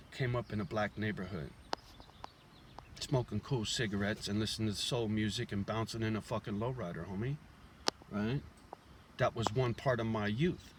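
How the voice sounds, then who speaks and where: Chewing a toothpick, a man rambles casually to camera outside his house as he shows it, blunt and profane and full of street slang. His voice is lowish, with background noise behind him.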